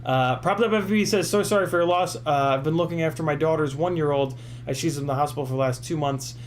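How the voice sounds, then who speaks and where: A man's voice: fairly high pitch, fast, a little hiss or hum. Earnest man reading stream chat aloud. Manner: earnest, encouraging, many fillers. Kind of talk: casual live-stream chat.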